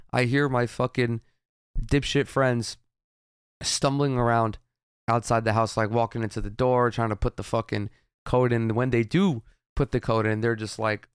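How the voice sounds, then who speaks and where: Gravelly-voiced young man telling a story. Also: mid-range voice, no echo, studio quality. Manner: rambling, profane, with frequent restarts. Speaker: podcast host. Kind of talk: casual storytelling monologue.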